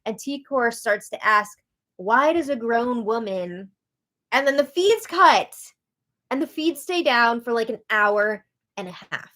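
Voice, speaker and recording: A woman's voice: fairly high pitch, lively intonation, takes it slowly, fairly bright tone. Chatty woman hosting a live recap. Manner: chatty, with frequent "like". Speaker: show recap host.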